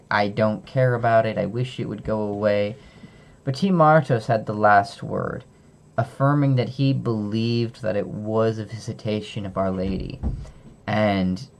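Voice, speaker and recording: A young book reviewer retells a book's story off the cuff in an unscripted summary, using fillers and correcting himself. His voice is lowish and creaky.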